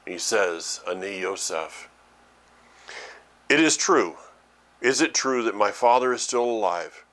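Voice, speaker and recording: Animated and a bit bright at a medium pitch, a middle-aged preacher delivers a teaching sermon to his ministry's followers, often stopping and repeating himself while he works through his thoughts aloud.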